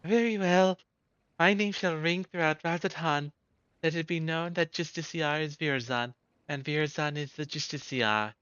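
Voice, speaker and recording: A man's voice: fairly high pitch, moderate pace, a bit bright, clear, resonant tone, no echo, lo-fi sound, pitched above the performer's own voice, lightly acted. A man voicing a vain, grandstanding male villain who poses as a hero, in a put-on Indian accent and a pompous, grandiose manner.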